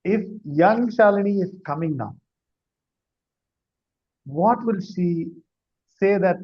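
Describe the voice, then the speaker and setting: A man hosts an interview, affirming his guest with quick agreements before posing questions. His voice sits fairly high and comes across slightly husky. The audio is dull and lo-fi. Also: lively intonation. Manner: affirming, frequent short agreements. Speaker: podcast host.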